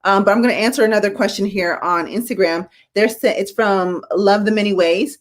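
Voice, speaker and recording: A woman's voice: mid-range voice, fairly quick. A woman in her forties, a veteran nurse hosting a live-streamed talk show, speaking casually and growing emotional as she tells hospital stories. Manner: casual, addresses viewers as y'all.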